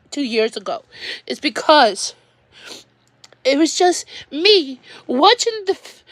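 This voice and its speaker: A woman venting on a livestream, rambling and halting, repeating words as she goes. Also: sits high, dry recording, studio quality.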